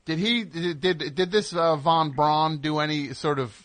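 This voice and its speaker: A man's voice: on the high side, fairly even intonation, unhurried, a bit bright. A middle-aged man hosting a comedic call-in radio show, teasing his caller with rambling, joking tangents.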